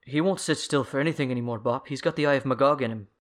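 A man's voice: medium pitch, rapid-fire, close to an everyday voice. A man voicing a doting elderly warrior woman who calls everyone dear, during a tabletop game. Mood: fussy. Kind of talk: tabletop role-play.

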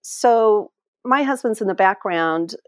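A middle-aged woman telling a personal story as an interview guest, heartfelt and halting, often restarting her sentences. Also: medium pitch, lively intonation, no room sound, studio quality. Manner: halting, heartfelt, many restarts and trailing phrases. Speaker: interview guest, end-of-life caregiver.

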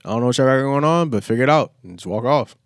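A man's voice: medium pitch, fast, no echo, studio quality. A man chatting casually on a podcast, rambling and laid-back with heavy slang. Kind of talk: casual chat.

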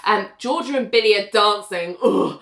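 A woman co-hosting a casual chat, recapping a TV episode and swearing freely, and she acts out the characters' lines in quick voices. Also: mid-range voice, a bit bright, reverberant. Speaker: podcast co-host recapping a TV episode.

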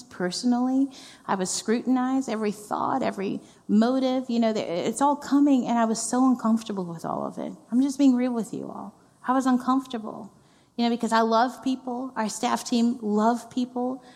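A woman's voice: a little high, a little fast, a little mellow. Lady pastor preaching from the heart, repeats stuff for emphasis, long church reverb. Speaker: executive pastor. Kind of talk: sermon. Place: church sanctuary.

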